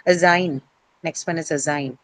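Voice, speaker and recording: Teaching her students English word stress, a woman explains each step at a moderate pace in a lowish voice, frequently saying "uh" and asking the class questions. The audio is poor and dry.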